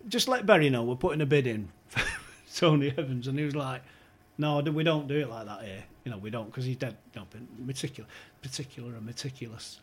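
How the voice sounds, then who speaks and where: A man's voice: mid-range voice, fast, few pauses, a little hiss or hum. A man telling a funny football anecdote on a podcast, acting out the quotes and laughing often. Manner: animated storyteller, laughs often, acts out quotes. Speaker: podcast guest.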